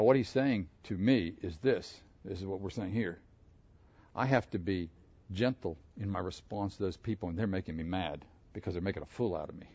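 A man preaching an interactive sermon, asking his congregation questions in an animated way. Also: low voice, husky, no echo, dull audio. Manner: animated, asks the room questions. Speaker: pastor.

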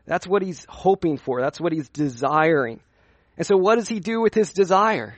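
A man's voice: a little high, lively intonation, normal speed, no room sound. A young man preaching at a youth conference in a conversational way, asking his listeners questions as he teaches. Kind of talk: sermon.

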